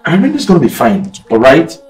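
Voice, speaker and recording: An actor with a Nigerian accent playing a calm, reassuring doctor who is also the girl's uncle, talking with hesitant restarts. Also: fairly high pitch, moderate pace, faint music behind. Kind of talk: film drama acting.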